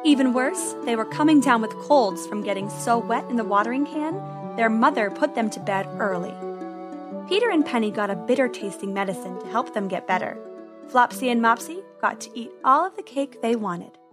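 A woman narrating a children's storybook in a gentle, expressive read-aloud manner. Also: on the high side, moderate pace, music in the background.

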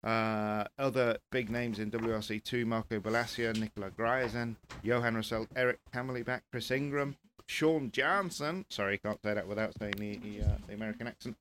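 A man talking rally as a pundit in casual panel chat, animated and repeating words as he presses his points. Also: on the low side, a little fast, few pauses, slight background noise.

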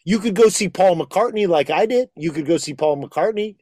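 A man co-hosting a casual podcast, chatty and quick to laugh. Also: sits high, lively intonation, darkish tone, no echo, studio quality.

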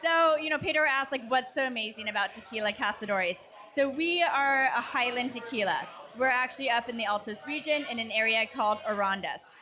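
A woman's voice: fairly high pitch, animated, fairly quick, hardly any pauses, pushed and bright. A woman guest, a brand representative, talking in a chatty, upbeat way at a tasting event, with lots of casual fillers.

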